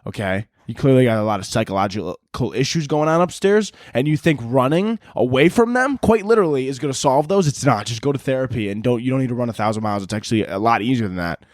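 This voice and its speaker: A man's voice: medium pitch, dry recording. Profane ranting man, dry close sound. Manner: animated, mocking, quick asides. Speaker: podcast host. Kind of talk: casual solo podcast rant.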